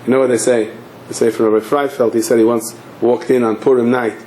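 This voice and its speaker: A man's voice: medium pitch, flat delivery, fairly quick, a little mellow, slight background noise. A man, a rabbi, tells a story in a sermon and acts out its scenes with animation. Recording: echoey hall.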